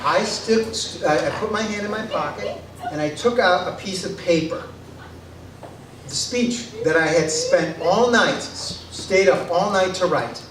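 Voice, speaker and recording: A man telling a true comic story on stage, self-deprecating and excitable. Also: high-pitched, measured pace, background noise. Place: stage before a laughing audience. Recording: echoey live room from a distance.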